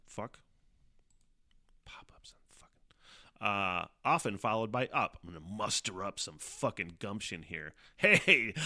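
Lively profane man rambling on a podcast. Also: medium pitch. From Northern Michigan. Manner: profane, rambling, laughs often. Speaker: podcast host. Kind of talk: casual rambling monologue. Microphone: studio microphone.

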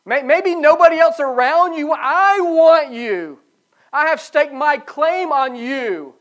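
A pastor giving a sermon, swinging between loud pleading and soft low passages and repeating phrases for emphasis. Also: lively intonation, slow pace.

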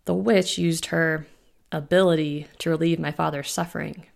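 A woman voicing a male werewolf alpha with a rumbling, sardonic manner. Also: fairly even intonation, moderate pace, vocal fry. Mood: wry.

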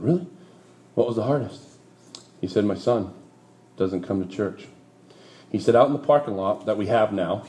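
A man preaching, telling a personal story from his early ministry with lively asides and low, quiet turns at the sad parts. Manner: lively anecdotal storytelling that drops low and quiet for emotional moments. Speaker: pastor. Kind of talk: sermon storytelling.

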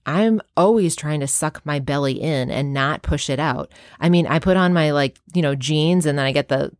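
Woman, health worker, casual explanatory vlog talk, low voice. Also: a little mellow, no room sound, studio quality. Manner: chatty, explanatory.

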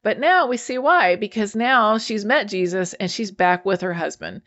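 A woman's voice: mid-range voice, moderate pace, a bit bright, lo-fi sound. A woman casually recapping a show episode, chatty and enthusiastic, acting out the characters' lines as she retells them.

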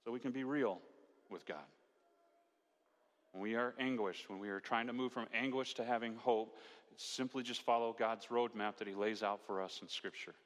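Male pastor, sermon, conversational, rhetorical questions, medium pitch, long hall echo. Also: steady tone, normal speed, fairly bright tone. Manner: conversational, uses rhetorical questions and acted-out quotes.

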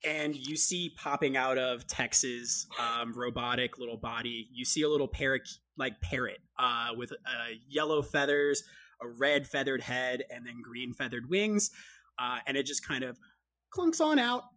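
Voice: medium pitch, measured pace, pushed and bright. A player describing their character in a tabletop game, chatty, with many fillers.

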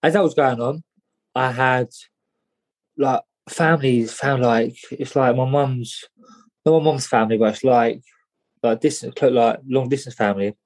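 A man telling a personal story in an interview, halting and repeating words, often saying "mate". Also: medium pitch, a little mellow. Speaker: guest.

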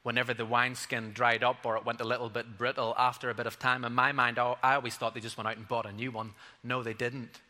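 A man's voice: mid-range voice, level tone, fast talker, hardly any pauses, bright, forceful tone. A male pastor preaching a sermon. He talks earnestly and conversationally and drops in playful asides. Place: church hall. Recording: long hall reverb.

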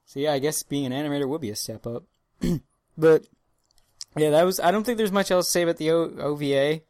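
Excitable, profane man in casual chat. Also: a little high, fast talker, no room sound, clean studio sound. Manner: profane, excitable, mock-dramatic outbursts. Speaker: podcast co-host.

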